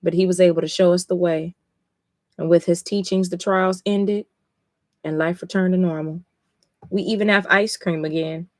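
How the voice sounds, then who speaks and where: A woman's voice: lowish voice, steady tone, moderate pace, a little mellow, no room sound, clean studio sound. A woman streaming live as she reads comics aloud and reacts, emotional and blunt, swearing freely between passages.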